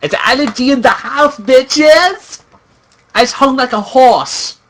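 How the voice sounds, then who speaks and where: A man voicing a swaggering male gangster hype-man with brash, high-pitched bravado. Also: takes it slowly, fairly bright tone, heavily acted. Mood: boastful.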